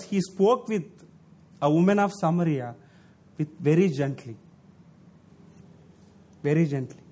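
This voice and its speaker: A man's voice: sits high, a little mellow. A man preaching a sermon in non-native English phrasing, repeating key words for emphasis and lifting his voice on the points he stresses.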